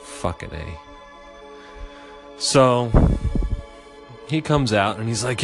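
A man's voice: mid-range voice, big pitch swings, drawn-out words, vocal fry, pauses often, a bit bright, faint music behind. A young adult man hosting a podcast, telling a story in a rambling, profane way. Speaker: podcast host. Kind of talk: casual storytelling.

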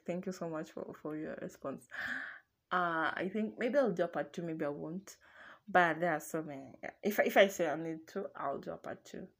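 A young woman casually telling a personal story to her viewers, chatty and animated, laughing often. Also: on the low side. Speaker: vlogger.

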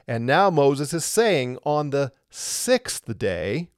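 Man with a lingering cough, teaching scripture and posing rhetorical questions; medium pitch, dry room. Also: very animated, takes it slowly, no echo. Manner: explains step by step, asks rhetorical questions. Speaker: Bible teacher. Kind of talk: verse-by-verse Bible teaching.

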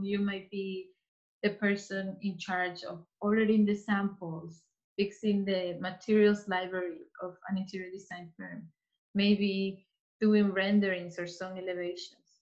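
A woman's voice: mid-range voice, level tone, a little slow, a little mellow. A woman gives career advice, earnest and repeating phrases as she works out her thoughts. Her voice sits in a middle register. The recording sounds a little dull and lo-fi. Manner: earnest, speaks in restarts and repeats. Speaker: interior designer guest. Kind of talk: casual interview advice.

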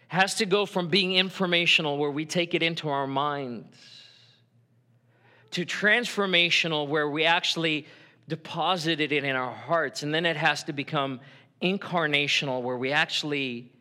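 A man's voice: fairly high pitch, pushed and bright. A middle-aged man preaching a sermon in church, earnest and conversational, acting out quotes as he goes. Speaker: pastor.

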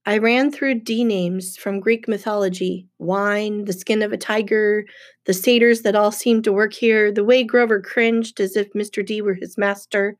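A woman narrates a first-person novel with steady, even storytelling. Her voice sits at a middle pitch for a woman. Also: moderate pace. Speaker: audiobook narrator.

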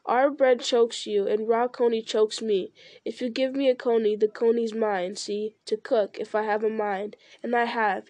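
A woman's voice: on the high side, fairly even intonation, moderate pace, warm tone, no echo, lightly acted. Woman doing a blunt, homely male servant. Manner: blunt, folksy, rustic speech. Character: stout, plain-spoken male servant, stubborn and homely.

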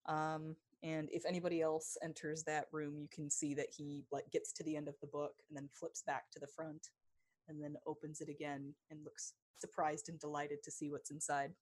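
A woman runs a tabletop game in a low voice, narrating scenes as game master. Her delivery halts on fillers and restarts. The sound is dry and close. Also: level tone, darkish tone, no room sound. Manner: halting, many fillers and restarts.

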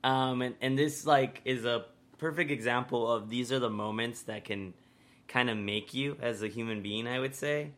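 A man's voice: medium pitch, moderate pace, fairly bright tone. Brief: young male podcast co-host, casual storyteller, loose, swears freely, chuckles through stories. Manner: rambling, laughs often, swears casually.

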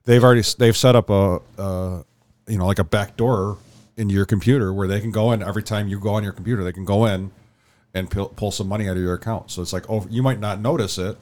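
Rambling low-voiced man telling a story. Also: fairly even intonation, fast, darkish tone. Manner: rambling storyteller, acts out quotes. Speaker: podcast co-host. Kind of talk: casual chat.

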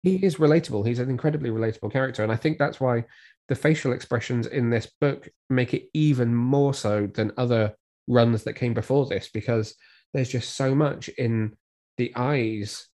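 A man appearing as a guest on a comics podcast, who talks in a relaxed, enthusiastic way and describes panels in close detail. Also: mid-range voice, normal speed. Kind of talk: casual comics review chat.

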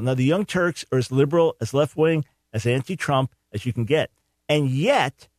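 A man's voice: fairly high pitch, darkish tone, no room sound, clean studio sound. A man hosting a call-in talk radio show, giving opinionated commentary with emphatic rhetorical questions and repeated phrases for stress.

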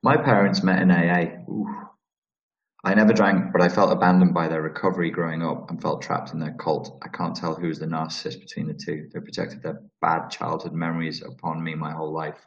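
Deep-voiced and creaky, a Liverpool man with a Scouse accent hosts a live question-and-answer stream, talking fairly quickly in a flat delivery. He is blunt and profane, rambling with restarts, in roomy, dull lo-fi sound.

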